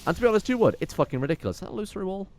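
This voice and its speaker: A man's voice: high voice, sing-song, very fast, a little hiss or hum. A man giving sweary, sarcastic let's play commentary while playing a game. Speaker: gameplay commentator.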